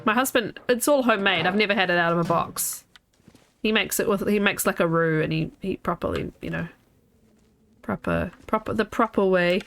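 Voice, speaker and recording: A woman's voice: medium pitch, normal speed, gravelly, fairly bright tone, faint music behind. A woman in her thirties streaming a video game, chatting casually with her viewers in a rambling way that trails off and restarts.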